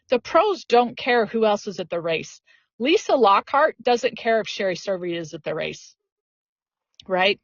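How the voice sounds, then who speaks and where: A woman's voice: medium pitch, dry recording. Earnest woman telling stories, dull dry audio. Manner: earnest, lively storyteller with frequent "you know". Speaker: podcast guest. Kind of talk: casual storytelling.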